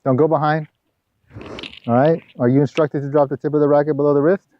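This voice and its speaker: A man's voice: fairly high pitch, fairly even intonation, brisk. Man coaching tennis, dull lo-fi sound. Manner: directive, constantly checking in with "all right?" and "okay?"; teasing, joking with the student. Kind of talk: hands-on coaching session. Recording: dull, lo-fi camera audio.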